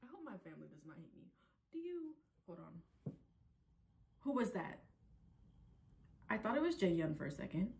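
A young person in their twenties reacting on camera at home, excitable and swearing freely, swinging between low mumbles and loud outbursts. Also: moderate pace, vocal fry, pauses often. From Arizona, USA. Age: 20s. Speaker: K-pop reaction YouTuber. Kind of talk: casual reaction vlog. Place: room at home. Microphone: phone camera.

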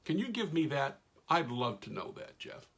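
A man's voice: a little high, very animated, moderate pace, fairly bright tone, husky. A middle-aged man, hosting a casual live stream, reading out viewers' names and chatting with folksy enthusiasm as his voice wears thin. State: losing his voice. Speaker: radio host reading live comments.

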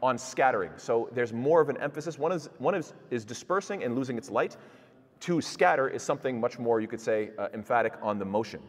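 A man's voice: medium pitch, expressive, a little fast, long reverb tail. A man giving a Quran lecture in a mosque, explaining verses through rhetorical questions to his audience and reciting the Arabic in classical pronunciation. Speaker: Quran teacher. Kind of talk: tafsir lecture. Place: mosque hall.

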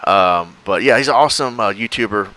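A man's voice: lowish voice, fairly quick, sharp tone, rough recording. A man co-hosting a casual podcast chat, rambling and acting out quoted exchanges with laughs. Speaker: podcast co-host.

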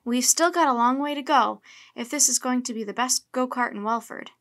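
A woman's voice: high voice, a little fast, fairly bright tone, slight background noise. A woman reading aloud voices a kindly, good-humored retired grandfather with a wry touch.

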